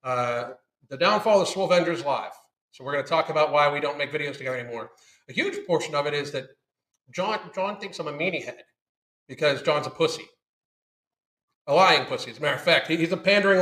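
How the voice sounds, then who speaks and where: A man's voice: a little high, lively intonation, quick pace, a bit bright, roomy sound, poor audio. A man hosting a live stream, ranting bluntly and swearing heavily while answering viewer questions. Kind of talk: casual profane live chat.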